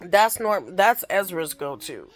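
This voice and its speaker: Woman, unhurried drawl, exasperated, animated storytelling, casual vlog ramble. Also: on the low side. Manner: animated, exasperated, scolds kids off camera. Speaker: mother vlogging.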